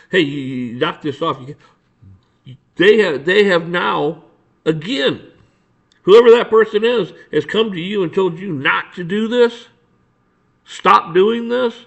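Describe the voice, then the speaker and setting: A man with a somewhat high voice holds forth in a casual rant. He is blunt and swears freely, often stumbling and repeating words before pushing on. He acts out his own exchanges with police and officials as he tells them. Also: moderate pace. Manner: blunt, profane and repetitive, with stammered restarts. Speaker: podcast host. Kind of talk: casual ranting monologue.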